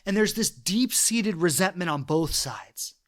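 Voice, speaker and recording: Unhurried and expressive, a high-voiced man hosts a relationship podcast. His earnest, reflective monologue includes retold stories complete with quoted voices.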